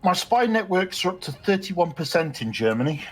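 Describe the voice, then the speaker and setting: A man playing a strategy game online, chatting in an animated way. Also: high voice, normal speed. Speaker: player. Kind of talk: casual multiplayer game chat.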